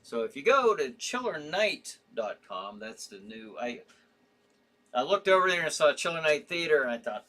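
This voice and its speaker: A man's voice: fairly high pitch, sing-song, normal speed, fairly bright tone. A tired man hosting a casual horror livestream, reading viewer comments and rambling with frequent restarts.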